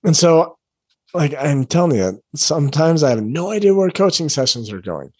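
A man's voice: on the high side, very animated, normal speed, darkish tone, breathy edge, no echo. Chatty man, dry close mic. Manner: rambling, conversational, many "like" fillers. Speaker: coach and podcast host. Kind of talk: casual storytelling monologue.

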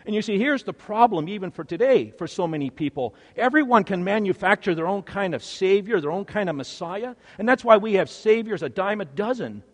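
A male preacher delivering a sermon with dramatic storytelling, swinging from hushed to emphatic. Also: high-pitched, lively intonation, brisk, hardly any pauses, long reverb tail.

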